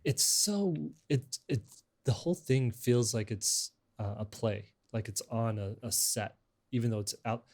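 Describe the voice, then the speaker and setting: A man's voice: mid-range voice, unhurried, a little mellow. A middle-aged man hosting a casual podcast chat, talking in a rambling, hesitant way with many restarts. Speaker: podcast host.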